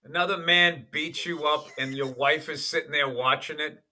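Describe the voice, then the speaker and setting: A middle-aged comedian trades dry, sarcastic wisecracks in casual podcast talk. His voice is high for a man and very bright and cutting. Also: fairly even intonation, moderate pace.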